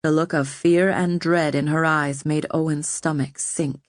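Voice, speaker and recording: A woman narrating an audiobook in an even, measured voice, pitched fairly low. The recording is dry and close, with no room sound. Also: no echo. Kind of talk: scripted narration.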